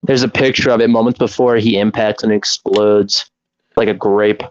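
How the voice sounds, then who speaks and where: A young man co-hosting a casual podcast, joking around with deadpan, rambling humor. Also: fairly low pitch, moderate pace, highs cut off, a little hiss or hum. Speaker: podcast co-host. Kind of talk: casual chat.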